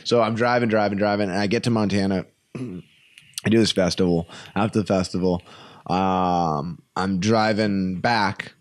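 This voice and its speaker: A man's voice: low-pitched, steady tone, a little slow. A young adult man, a comedian guest, telling stories in a casual, rambling way full of fillers. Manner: rambling, lots of "like" and "you know". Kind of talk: casual storytelling.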